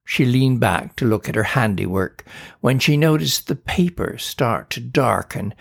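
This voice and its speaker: A man reading a children's storybook aloud in a slow, steady manner. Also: mid-range voice, vocal fry, breathy edge. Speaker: narrator.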